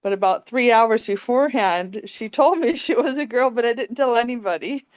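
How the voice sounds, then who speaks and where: A young woman calmly sharing a personal story on a video call, soft-spoken and quick to laugh. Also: on the high side, dry recording. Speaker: meditation group participant. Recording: dry, dull lo-fi call audio.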